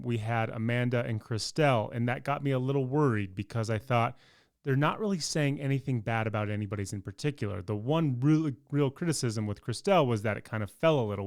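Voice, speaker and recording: A man's voice: medium pitch, animated, brisk, no room sound, clean studio sound. A man co-hosting a podcast in casual chat, enthusiastic and leading the segments from his notes. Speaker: podcast co-host.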